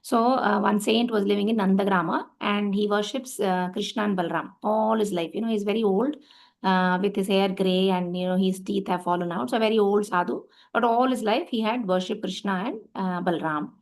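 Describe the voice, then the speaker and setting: A woman's voice: medium pitch, steady tone, brisk, a little mellow. Conversational woman telling a devotional story. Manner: conversational, lots of fillers. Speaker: devotional speaker. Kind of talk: storytelling talk.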